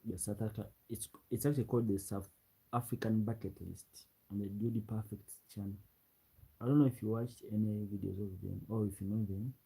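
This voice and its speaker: A man's voice: on the low side, fairly even intonation, a little fast, gravelly, dark tone, breathy edge, poor audio. A man from Uganda with a Ugandan English accent, chatting casually on a late-night live stream and reading out viewer comments. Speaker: livestreamer. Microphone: ring light setup, webcam.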